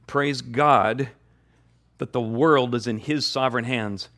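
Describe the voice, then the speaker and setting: A man's voice: mid-range voice, slow, fairly bright tone. A man preaching a sermon, earnest and emphatic, who often repeats his key phrases for weight. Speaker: pastor.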